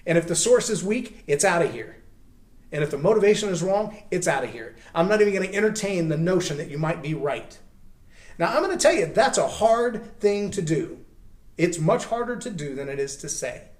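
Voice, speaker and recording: Earnest man with a fairly high voice, urging. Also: reverberant. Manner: earnest and urging, slows and hammers key words. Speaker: author and personal growth speaker. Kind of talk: motivational teaching to camera.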